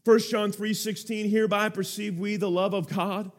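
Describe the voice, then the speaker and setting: Male preacher, sermon, high voice, earnest storytelling, urgent appeals. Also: flat delivery, normal speed.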